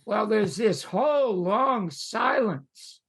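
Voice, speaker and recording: An older man, a podcast guest, tells a long show-business story in an animated way, jumping into other people's voices as he quotes them. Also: high-pitched, slow, gravelly, breathy edge. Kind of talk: anecdotal storytelling.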